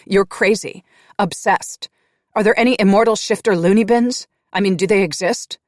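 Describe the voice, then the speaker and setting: Guy doing a scared but stubborn young woman, higher voice, shrill when mad, dry close mic. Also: moderate pace, vocal fry, slightly rough, no echo. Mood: angry. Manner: shrill when angry, anxious and questioning. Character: frightened, defiant young woman, quick to snap.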